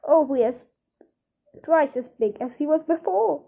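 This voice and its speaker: A woman voicing an eager, doting older lady who dotes on her pet, gushing with excited exclamations, on a dull lo-fi recording. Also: high voice, a little slow, gravelly, exaggerated voice.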